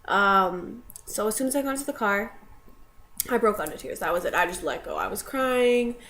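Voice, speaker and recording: A woman's voice: mid-range voice, expressive, moderate pace, sharp tone, a little hiss or hum. A young woman casually telling a personal story to camera, rambling with many fillers. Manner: rambling, filler-heavy, with tearful laughing bursts in quotes.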